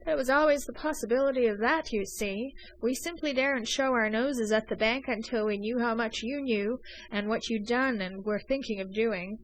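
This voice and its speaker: A woman playing a pleading young smuggler gentleman. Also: fairly high pitch, normal speed, natural voice, poor audio. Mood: excited. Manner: urgent, pleading.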